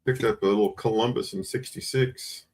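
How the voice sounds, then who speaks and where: A man's voice: medium pitch, fairly even intonation, normal speed, a little mellow. A man hosting a casual live-stream coin sale, greeting viewers by name over and over in a chatty way. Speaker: livestream host selling coins.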